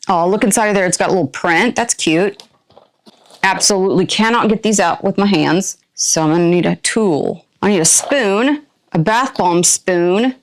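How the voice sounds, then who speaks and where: A woman's voice: medium pitch, moderate pace. A woman reviewing products on her channel, chatting to viewers in a playful, put-on rural drawl as she unboxes. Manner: talks to viewers while opening items.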